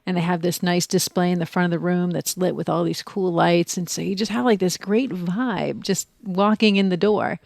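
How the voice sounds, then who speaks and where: A woman in casual chat, telling a story with animated quoting, dropping to soft whispers and rising to excited outbursts. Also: lowish voice, normal speed, gravelly, few pauses, dry recording. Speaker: podcast guest sharing a retreat experience.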